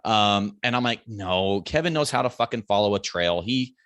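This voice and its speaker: Bright-voiced man telling a hunting story. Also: fairly low pitch, moderate pace, no room sound. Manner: animated, swears freely, raises his voice when quoting friends yelling. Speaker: podcast guest, bow hunter.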